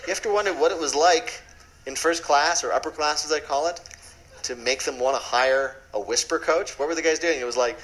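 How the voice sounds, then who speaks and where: Joking radio quiz host, slightly raised voice. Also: male voice, fairly high pitch, fairly bright tone, poor audio. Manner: playful, quick jokes. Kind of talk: jokey radio banter.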